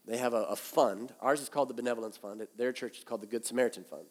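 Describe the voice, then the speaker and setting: Pastor preaching in a reverberant hall. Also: male voice, medium pitch, quick pace. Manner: conversational, animated preaching with restarts. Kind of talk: sermon.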